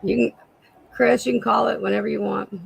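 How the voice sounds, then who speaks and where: A woman with a raspy voice, a guest seller chatting casually on a live sale and describing jewelry pieces. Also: a little high, steady tone, a little fast, low-quality recording.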